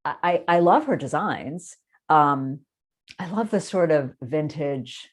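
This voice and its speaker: A woman from the United States hosting a casual interview chat, chatty and self-deprecating, laughing often. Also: deep voice. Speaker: podcast host.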